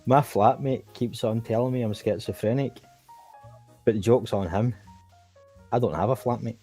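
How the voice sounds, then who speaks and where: Mellow husky man telling dry jokes. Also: mid-range voice, moderate pace, faint music behind. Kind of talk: casual chat.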